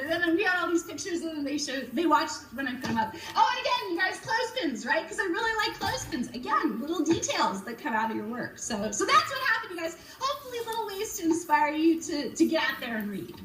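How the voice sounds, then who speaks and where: A children's author in her forties talks to kids with a bubbly, upbeat energy. Her voice is very high and swings up and down a lot. The sound is roomy and picked up from some distance away. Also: very animated, fast, few pauses, fairly bright tone. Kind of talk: virtual school visit Q&A.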